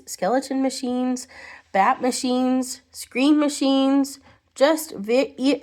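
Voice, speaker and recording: A woman voicing a shy, timid little man with a squeaky, stammering voice in a storybook reading. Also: a little mellow. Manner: stammering, pleading.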